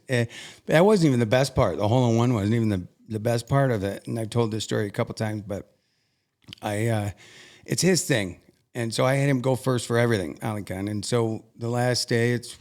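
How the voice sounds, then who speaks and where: A young man earnestly recounting a personal story as an interview guest, halting and emotional at times. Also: medium pitch, darkish tone.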